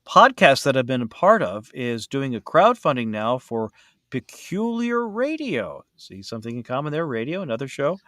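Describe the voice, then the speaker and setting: A man's voice: medium pitch, fairly bright tone, dry recording. Rambling male podcast host, dry sound. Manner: rambling, with many fillers and restarts. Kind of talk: casual chat.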